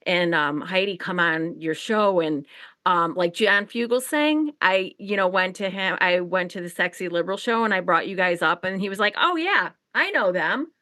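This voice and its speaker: A woman's voice: on the low side, normal speed, sharp tone, no room sound. A woman co-hosting a political podcast, talking in a chatty, rambling way full of fillers and restarts. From Chicago. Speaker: podcast co-host. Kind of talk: casual conversational interview.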